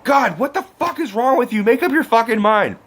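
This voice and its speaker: A man's voice: mid-range voice, lively intonation, a little fast, darkish tone, husky. A man voicing a pushy, irritated teenage boy, retelling a film scene in a casual rant. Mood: angry.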